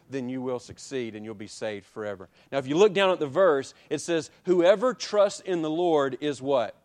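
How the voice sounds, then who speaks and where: A man preaching a sermon, building to loud peaks and dropping low and quiet, with repeated rhetorical questions to the congregation. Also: expressive, moderate pace, few pauses. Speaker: pastor.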